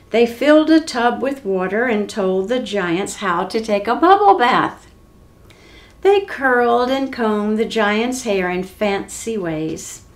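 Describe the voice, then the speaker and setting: Slow, expressive woman storyteller. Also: mid-range voice. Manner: slow, expressive read-aloud. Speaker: library storyteller. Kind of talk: children's story read-aloud.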